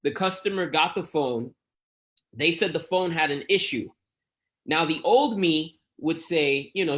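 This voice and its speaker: A man with a New York accent, a guest in a casual interview, who tells lively stories and acts out his talks with customers. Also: on the high side, a little slow. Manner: animated storyteller who acts out customer exchanges. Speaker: guest phone reseller.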